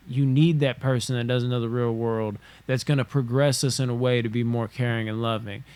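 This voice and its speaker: A man hosting his own podcast alone at home, with a mid-pitched voice. He rambles off the cuff and swears freely as he goes. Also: moderate pace, a little mellow. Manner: rambling, profane, spitballing. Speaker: podcast host. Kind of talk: casual solo podcast monologue. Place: home room.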